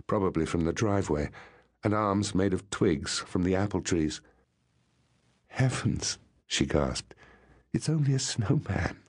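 Brief: low male reader, measured literary reading, dry close sound. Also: dry recording. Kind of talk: reading a literary story aloud.

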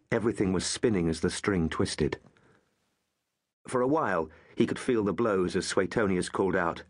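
A man narrating an audiobook with measured, expressive storytelling. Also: low-pitched.

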